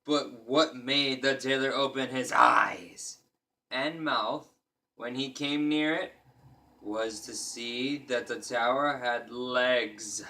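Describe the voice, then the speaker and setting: A man's voice: mid-range voice, bright, forceful tone. A man reading a fairy tale aloud at a casual pace and breaking off for crude, joking asides. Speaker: reader.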